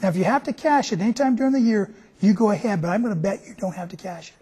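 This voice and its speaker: A man's voice: sits high, fast, warm tone, slightly rough. A man voicing a kindly little old man. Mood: reassuring.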